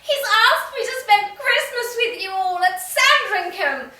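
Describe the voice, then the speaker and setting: A woman voicing a young female nanny, emotional and overcome with joy, in a high gushing voice. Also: very animated, moderate pace. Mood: overjoyed. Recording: echoey room.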